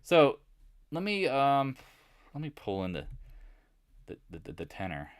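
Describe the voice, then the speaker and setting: Middle-aged male market host, lively jokey delivery with lots of playful voice swings, dry close sound. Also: medium pitch, a little slow, no room sound. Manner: animated, jokey, mimics imagined viewers and accents. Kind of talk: casual live market commentary.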